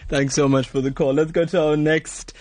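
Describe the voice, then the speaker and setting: A man hosting a live radio phone-in, brisk and upbeat, taking callers in the studio. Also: a little high, flat delivery, darkish tone, no echo. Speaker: radio show host.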